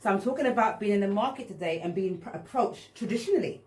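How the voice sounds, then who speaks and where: A woman's voice: mid-range voice, quick pace. A woman hosting a live stream, telling a dating story casually, laughing often and acting out what people said. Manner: animated, laughing often, acts out quoted dialogue. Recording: echoey room with faint noise.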